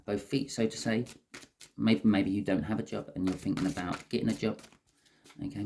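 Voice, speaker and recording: This tarot reader's voice sits on the low side and sounds mellow. Talking casually to camera, he walks through each card with explanations, frequently saying "okay."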